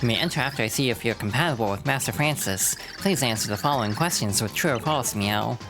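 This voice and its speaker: A woman's voice: rumbling low, expressive, fast talker, poor audio. A woman voicing a cat servant who guards a door and ends her lines with a meow, with game music behind. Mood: officious.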